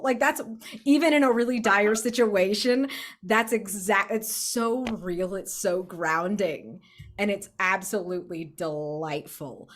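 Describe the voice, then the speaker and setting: A woman gushing in casual chat after a tabletop game session, excitable and swearing freely. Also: mid-range voice, unhurried.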